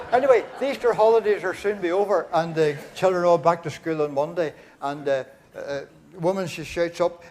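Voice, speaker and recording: A man's voice: on the high side, normal speed. A Northern Irish man compering a church concert, telling folksy jokes to a live audience and acting out the quoted voices.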